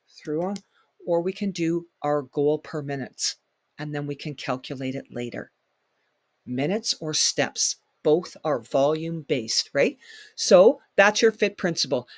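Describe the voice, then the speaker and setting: A man's voice: on the high side, no room sound. A man leading a fitness workshop as instructor, speaking emphatically and repeating his key points for the class. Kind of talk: workshop lecture.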